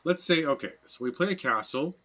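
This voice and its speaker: A man streaming a digital card game, giving casual, self-deprecating commentary as he thinks his plays through out loud. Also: on the high side, lively intonation, fairly quick.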